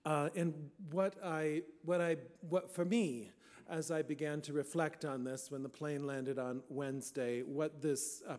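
Older male priest in his sixties, slightly high voice, slow and playful sermon delivery. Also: a little mellow. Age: 60s. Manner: folksy, playful preaching with sudden emphatic swells. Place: church.

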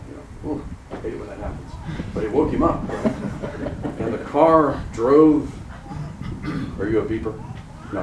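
A man's voice: mid-range voice, moderate pace, pauses often, a crowd in the background. A middle-aged man preaching a sermon, asking the congregation questions and calling for responses. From Charlotte, North Carolina. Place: chapel. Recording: roomy chapel sound picked up from a distance.

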